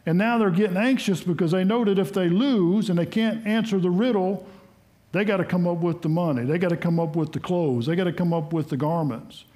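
A man's voice: sits high, a little mellow. A male preacher giving a sermon, reading scripture and retelling it in a folksy, conversational way. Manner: folksy, conversational, acts out quotes.

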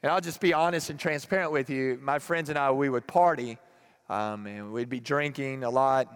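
A man preaching a sermon and reading scripture aloud, moving between hushed, grave passages and fervent, emphatic ones. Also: mid-range voice, moderate pace, clean tone. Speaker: pastor. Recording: long hall reverb.

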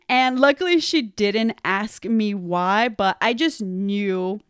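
A woman's voice: medium pitch, takes it slowly, clear, resonant tone, no room sound, studio quality. A young adult woman telling a candid personal story, laughing often and quoting herself.

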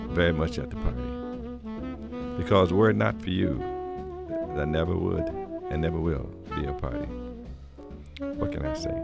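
A man hosting a music radio show in a casual, folksy way, pausing often and thanking his guests and listeners. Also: very deep voice, creaky. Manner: folksy, halting, with repeated thanks and blessings. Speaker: radio host.

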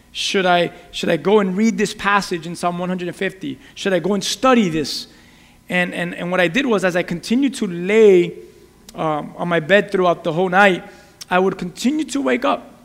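A man's voice: fairly high pitch, big-room sound. A man preaching an earnest sermon, often repeating and restarting his words. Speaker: pastor.

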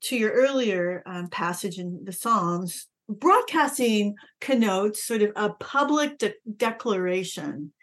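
A woman's voice: mid-range voice, lively intonation, slow, few pauses. A woman host interviewing a guest, affirming her points and asking questions. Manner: affirming, encouraging.

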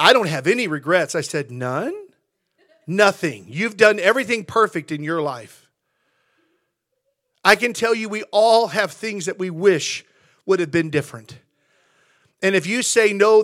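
Middle-aged pastor guy preaching, high bright voice, chatty and animated, repeats himself a lot. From California, USA. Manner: conversational, repeats words, animated storytelling. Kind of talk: sermon.

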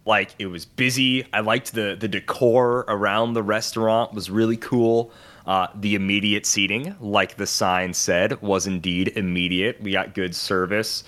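Young guy cohosting a podcast, lowish voice, chatty, acts out people he met. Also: unhurried. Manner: animated storyteller, acts out quoted people. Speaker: podcast co-host. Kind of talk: casual chat.

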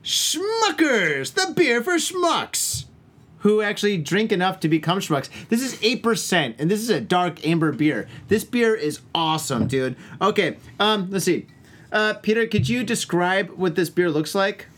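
A man's voice: high voice, expressive, moderate pace, fairly bright tone. A man hosting a casual drinking podcast, telling crude, rambling stories with lots of swearing. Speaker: podcast host. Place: home, indoors.

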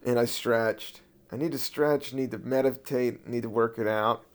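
A man hosting his own podcast as a comedian, talking in a loose, meandering way with casual swearing, a little high. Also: steady tone, normal speed. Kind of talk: casual rambling podcast monologue.

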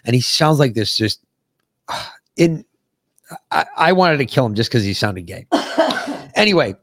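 A man's voice: mid-range voice, sing-song, a little slow, fairly bright tone, a little hiss or hum. A middle-aged man from the United States, a podcast host telling a crude, profane army story with rambling asides. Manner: crude, rambling, laughs through stories.

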